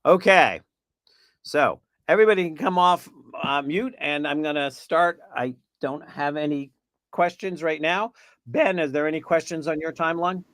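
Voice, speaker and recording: A man's voice: a little high, normal speed, a bit bright, no room sound. A man hosting a spiritual panel on a video call, talking in a chatty, meandering way with playful asides, and losing his voice. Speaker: panel host.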